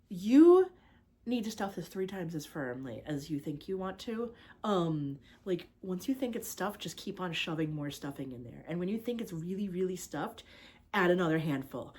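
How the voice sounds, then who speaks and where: A young woman, chatting casually and excitedly about her crochet project for her vlog, with lots of fillers. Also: lowish voice. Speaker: crochet vlogger.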